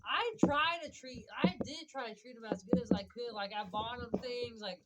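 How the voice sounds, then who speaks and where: Casting: young woman, single mom, venting storytime, rambling with fillers, slightly high voice. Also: moderate pace, a loud crowd, low-quality recording. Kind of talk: casual storytime vlog. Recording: loud background noise.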